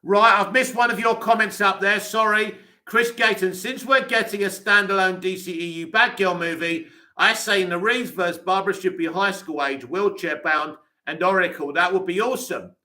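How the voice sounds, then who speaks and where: A high-pitched man with an English accent hosts a live stream and answers viewer comments bluntly. His voice is very bright and sharp, and his takes are curt and dismissive. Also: fairly even intonation, normal speed, few pauses. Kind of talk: reading and answering live chat.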